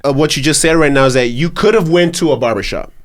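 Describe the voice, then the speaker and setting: A man's voice: a little high, fast talker. Laid-back cursing male barber co-host. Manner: laid-back, profane, says "dog" a lot. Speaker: podcast co-host and barbershop owner. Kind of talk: casual podcast chat.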